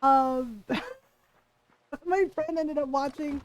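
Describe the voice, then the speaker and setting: A woman's voice: high voice, drawn-out words, poor audio. A woman livestreamer chatting casually while gaming, rambling through stories with many fillers and frequent laughter.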